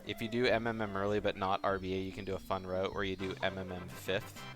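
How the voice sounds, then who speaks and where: Man, commentator, lowish voice, casual, chatty, giggly, filler-heavy. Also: quick pace, over music. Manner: relaxed, chatty, laughs often, many fillers. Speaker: race commentator.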